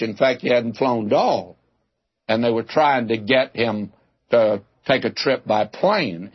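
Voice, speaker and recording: A man's voice: medium pitch, husky, no echo. A man preaching a sermon, teaching through a scripture passage in a folksy, conversational way and calling his listeners "my friend". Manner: folksy, addresses listeners as "my friend", tells homely jokes. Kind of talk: expository sermon. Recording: dull lo-fi recording.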